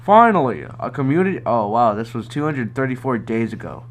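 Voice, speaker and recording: A man's voice: medium pitch, lively intonation, brisk. A young man co-hosting a casual podcast, rambling and hesitant, laughing often. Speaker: podcast co-host. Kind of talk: casual chat.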